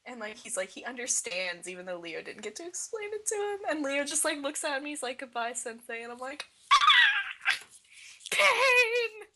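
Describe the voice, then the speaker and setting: A woman's voice: high-pitched, animated, fast, hardly any pauses, noisy background. A young woman co-hosting a fan podcast, talking emotionally about a cartoon episode with lots of "like". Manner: gushing, emotional, fillers of "like". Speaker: podcast co-host. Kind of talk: casual fan podcast chat.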